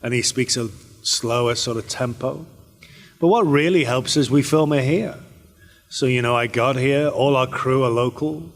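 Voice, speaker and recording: A man's voice: mid-range voice, moderate pace, vocal fry. A British man answers fan questions at a convention panel, loose and rambling, often restarting his sentences. His voice sits in the middle range. The sound carries the long reverb of a large convention hall. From Britain. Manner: relaxed, rambling, with many fillers and restarts. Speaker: actor and panel guest.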